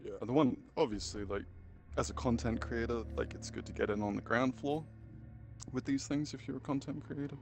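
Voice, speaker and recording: A man's voice: medium pitch, fairly quick, vocal fry. A man chatting casually while streaming a game, rambling and hesitant, full of fillers and slang. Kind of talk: casual gaming chat. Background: game music.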